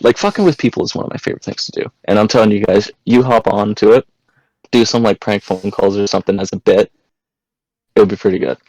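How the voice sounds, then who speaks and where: A man's voice: lowish voice, fast, darkish tone, no room sound, low-quality recording. A young man, a podcast guest, casually telling prank-call stories and crude jokes. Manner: storytelling, crude jokes, acts out voices. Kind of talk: casual chat.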